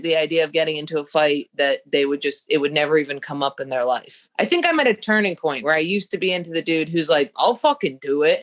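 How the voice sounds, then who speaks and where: A young woman, a comedian guest on a talk show, telling a story in casual chat, profane and acting out the voices of the people in it. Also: low-pitched. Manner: animated, profane, acts out quoted voices.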